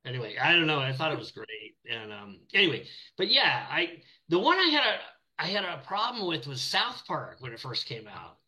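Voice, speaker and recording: Lively, bright-voiced storytelling man. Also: fairly high pitch, moderate pace, few pauses, low-quality recording. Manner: rambling, animated storyteller with many restarts. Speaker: animator guest. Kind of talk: casual interview chat.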